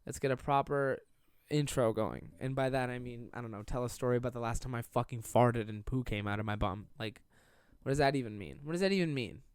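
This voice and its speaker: Rambling young man podcast host, smooth voice. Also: mid-range voice, brisk, dry recording, studio quality. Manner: rambling, self-interrupting, slipping into silly voices to act out anecdotes. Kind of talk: solo comedy podcast storytelling.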